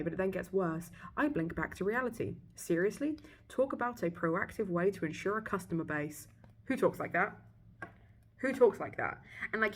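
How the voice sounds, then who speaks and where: A young British woman in casual vlog chat, ranting and swearing sarcastically about a book. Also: fairly low pitch. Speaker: book vlogger. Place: hotel abroad.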